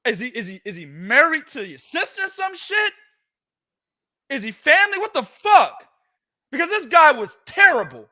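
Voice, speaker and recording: A man hosting a boxing podcast, giving heated, profane, loud ranting commentary. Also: extremely high pitch, very animated, moderate pace.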